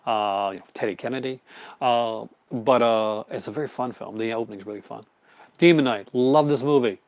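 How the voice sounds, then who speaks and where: Hosting a casual live stream, a man rambles enthusiastically about his horror film collection, full of fillers and restarts, while answering comments from viewer chat. His voice is medium in pitch, with no echo.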